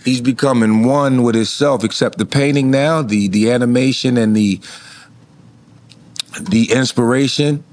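A man's voice: medium pitch, a little slow, darkish tone. A man chatting as a podcast guest, telling stories in a laid-back, profane way. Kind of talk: casual chat.

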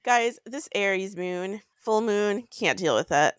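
A woman co-hosting a book podcast in casual chat, with a deadpan delivery. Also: mid-range voice, unhurried, clean tone, no echo, clean studio sound.

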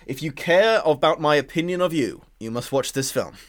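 A man's voice: fairly high pitch, animated, normal speed. A British man guesting on a film podcast, talking casually in a wry, playfully dramatic way. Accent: British English. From Britain.

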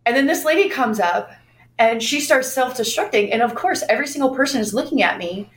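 Woman podcast co-host, animated storyteller, roomy echoey recording. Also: a little high, fairly quick, a little hiss or hum. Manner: animated, acts out quoted dialogue. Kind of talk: casual storytelling chat.

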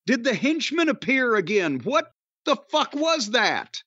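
A man's voice: extremely high pitch, very animated, measured pace, pushed and bright, slightly rough, dry recording. An older man hosting a casual wrestling podcast, ranting with profanity and sarcastic rhetorical questions. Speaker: podcast host. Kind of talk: casual wrestling review chat. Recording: slightly dull, dry podcast audio.

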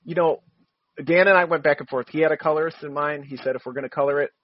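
A man who is a comic book writer, talking as an interview guest, quick and eager and laughing often. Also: fairly high pitch, dry recording, lo-fi sound.

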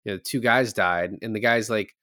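A young man talks through a film on his podcast, wandering through his points with plenty of ums and restarts. His voice sits low and sounds close and dry, with no room around it. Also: normal speed, sharp tone, dry recording. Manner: rambling, many fillers and restarts. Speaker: podcast co-host. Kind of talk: casual movie discussion.

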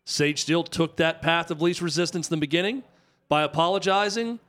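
A man's voice: fairly high pitch, steady tone, a little fast, fairly bright tone. Emphatic male sports radio co-host. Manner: emphatic, repetitive rhetorical questions. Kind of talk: opinionated talk radio commentary.

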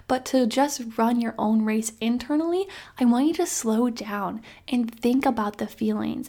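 A woman's voice: fairly high pitch, warm tone. A woman in her twenties hosting a podcast, giving an emphatic, encouraging motivational monologue. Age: 20s. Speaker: podcast host.

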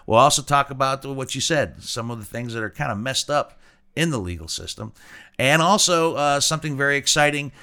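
Male podcast host, bright forceful tone, playful showman energy in casual chat. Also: medium pitch, brisk, clear, resonant tone. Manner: lively, playful showman's delivery. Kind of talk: casual chat over whiskey.

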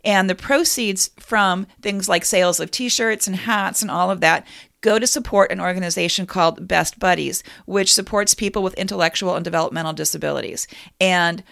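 A woman co-hosts a casual sports podcast and shares background stories with enthusiasm. Her voice has a gravelly fry to it. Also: lowish voice, normal speed, a bit bright. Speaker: podcast co-host.

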